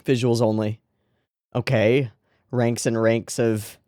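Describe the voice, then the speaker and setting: An anime reaction host talking casually and excitably, rambling into giggly asides while watching an episode. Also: medium pitch, moderate pace, dry recording, clean studio sound.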